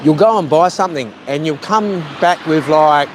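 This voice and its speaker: A man's voice: a little high, moderate pace, background noise. A man casually vlogging outdoors while walking the streets, chatting and rambling to his viewers. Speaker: travel vlogger.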